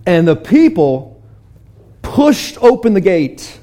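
Male preacher, sermon, animated storytelling, soft prayer. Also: on the high side, slow, pauses often. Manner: animated storytelling, prays softly at the end.

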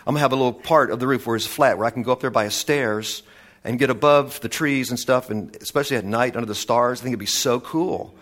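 A man's voice: mid-range voice, fast, a bit bright. A man teaching a casual Bible study, reading verses and adding chatty, enthusiastic asides.

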